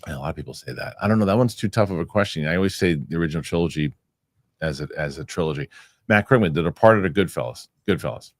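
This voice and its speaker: A man's voice: deep voice, animated, quick pace, dry recording, studio quality. A man hosting a casual show, reading viewer comments aloud and stumbling over restarts. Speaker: host. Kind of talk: casual chat reading live chat.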